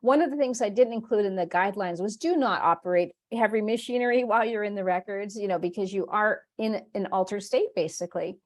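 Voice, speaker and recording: A fast-talking woman with a medium-pitched voice barely pauses as she guides a live online spiritual workshop. Warm and chatty, she laughs frequently while telling stories, slipping into quoted asides that act out what her inner voice is saying.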